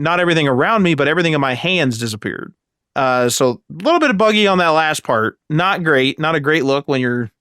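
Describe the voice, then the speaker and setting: A man's voice: fairly high pitch, fairly bright tone, no room sound, studio quality. A man casually chatting about video games on a podcast, rambling with lots of fillers. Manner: rambling, filler-heavy, acts out voices when retelling. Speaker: podcast co-host.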